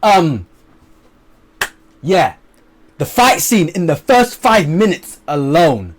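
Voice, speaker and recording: A young man reviewing a movie to camera in a casual vlog, excited and animated, swinging between loud bursts and low mutters, swearing freely. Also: slow, slight background noise.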